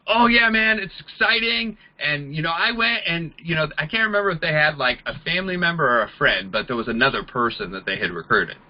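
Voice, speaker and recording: A man giving a network marketing training talk, an animated storyteller who acts out the people he quotes. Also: on the high side, fast, few pauses, highs cut off.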